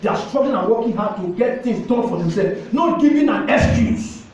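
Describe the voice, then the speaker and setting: A man's voice: extremely high pitch, expressive, normal speed, a little mellow. A man with a Nigerian accent preaching a sermon as pastor, exhorting and repeating phrases, slipping into pidgin. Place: church hall. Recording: echoey church hall, mic at a distance, faint ambience.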